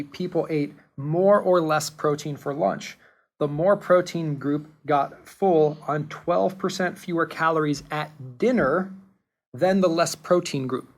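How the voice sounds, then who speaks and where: A man hosting a podcast, explaining nutrition research in an earnest way and repeating key points for emphasis. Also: on the high side. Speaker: podcast host. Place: Seattle studio.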